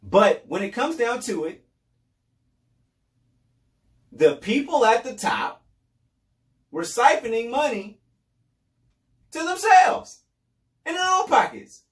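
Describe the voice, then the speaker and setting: A man's voice: very high-pitched, big pitch swings, slow pace, long pauses, roomy sound, recorded from a distance. A man hosting a podcast, giving casual commentary in a loose, repetitive way with sarcastic asides. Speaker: podcast host.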